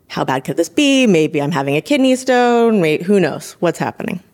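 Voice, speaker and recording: A woman in her thirties, an emergency room provider, telling her own story in an interview, lively and animated. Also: fairly low pitch, moderate pace. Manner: lively, animated retelling with laughs and acted-out quotes. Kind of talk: personal story told in interview.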